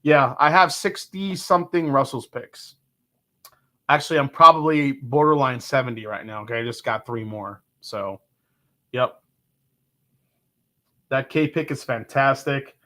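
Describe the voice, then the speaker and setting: A man's voice: mid-range voice, measured pace, long pauses, sharp tone. A middle-aged man hosting a casual livestream tasting, talking enthusiastically and rambling as he reads viewers' comments aloud. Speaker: livestream whiskey reviewer.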